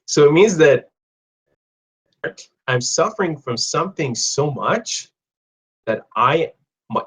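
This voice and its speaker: A man's voice: medium pitch, expressive, takes it slowly, long pauses, breathy edge, poor audio. A young man teaching English idioms in a live online lesson, reading out viewers' comments and joking with them in a chatty way. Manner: chatty, reads viewer comments aloud, jokes.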